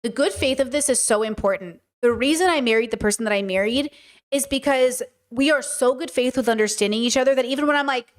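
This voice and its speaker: On her podcast, a young adult woman talks in a high voice through a lively, casual monologue. Profanity comes easily, and she drops in quick impressions of other people.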